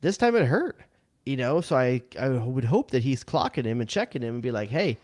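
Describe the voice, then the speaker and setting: A man's voice: mid-range voice, sing-song, a little fast, a little mellow, dry recording, studio quality. A man co-hosting a casual sports podcast, blunt and opinionated. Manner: blunt, opinionated, plain-spoken. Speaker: co-host.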